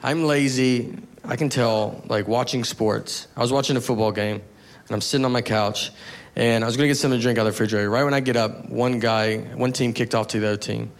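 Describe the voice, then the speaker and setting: A man's voice: medium pitch, fairly even intonation, fairly quick. A man performing a stand-up comedy set, telling self-mocking stories in a laid-back way. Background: audience laughter.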